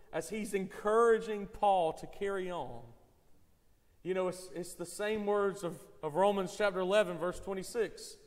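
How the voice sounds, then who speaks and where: Male pastor, high and earnest, mid-sermon, stumbling over repeated words; long hall echo. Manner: earnest, repeats words when starting phrases. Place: church sanctuary. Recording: long church reverb.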